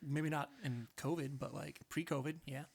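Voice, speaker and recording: A man's voice: a little high, steady tone, normal speed, creaky, husky. A young man co-hosting a podcast, chatting casually with a laid-back, dry manner. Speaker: podcast co-host. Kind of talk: casual chat.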